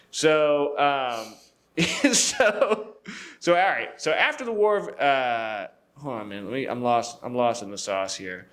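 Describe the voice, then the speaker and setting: A man's voice: medium pitch, expressive, takes it slowly, a bit bright. A young man on a casual podcast recounts history in a loose, joking way. He swears freely, acts out the figures in goofy voices and laughs often. His sentences are full of fillers and restarts. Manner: loose and profane, acts out quotes in jokey voices. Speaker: podcast co-host.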